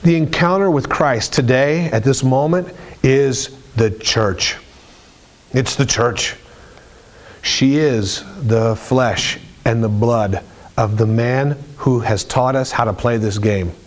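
A man's voice: medium pitch, unhurried. A man preaching a sermon with emphatic, repetitive phrasing.

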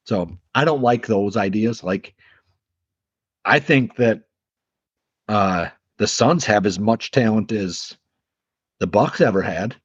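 A man with a low, husky voice trades sports opinions on a podcast. He is blunt and swears casually. The recording is slightly muffled and lo-fi. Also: takes it slowly, pauses often, no room sound. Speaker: podcast co-host.

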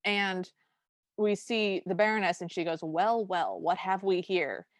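A woman's voice: mid-range voice, expressive, measured pace, no echo. A woman co-hosting a podcast, recapping a favorite film in an enthusiastic, chatty way. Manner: chatty, enthusiastic, recounting scenes. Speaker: podcast co-host. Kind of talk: casual movie recap chat.

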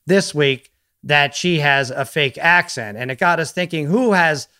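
A man's voice: on the high side, unhurried, sharp tone, clear, resonant tone. A man hosting a casual podcast chat with a slightly raised voice. He talks in a playful way and keeps throwing questions at the others. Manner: playful, quizzing. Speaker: podcast host.

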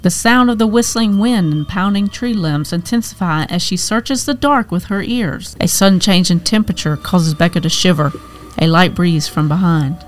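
A woman's voice: on the low side, moderate pace. Woman narrating a horror story.

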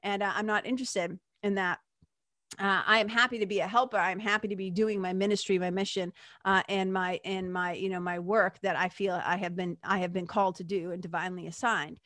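A woman's voice: mid-range voice, fairly even intonation, a little fast, fairly bright tone, no room sound, studio quality. A woman hosting a podcast as a spiritual teacher, talking earnestly and conversationally with many fillers and asides, and swearing now and then. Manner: frank, with occasional swearing. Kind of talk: reflective monologue.

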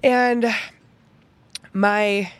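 A young woman hosting a podcast, telling a personal story in an animated, chatty way full of "like" fillers. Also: medium pitch, very slow, smooth. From Pittsburgh, United States. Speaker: podcast host.

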